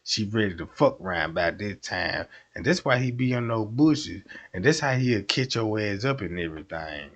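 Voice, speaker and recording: Animated man telling stories on a livestream. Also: lowish voice, moderate pace, few pauses, lo-fi sound. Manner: animated, acts out voices of people in his stories; profane street slang. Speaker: livestream host. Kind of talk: casual livestream storytelling.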